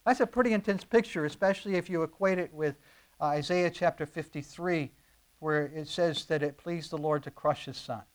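A man's voice: fairly high pitch, moderate pace. Earnest preaching man, rising emphasis. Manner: earnest, teaching, with emphatic rises and frequent fillers. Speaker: pastor. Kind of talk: verse-by-verse sermon.

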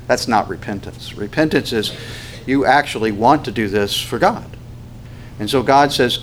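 A man's voice: medium pitch, moderate pace, slight background noise. A man preaching a sermon as a pastor, in a conversational storytelling manner with many fillers.

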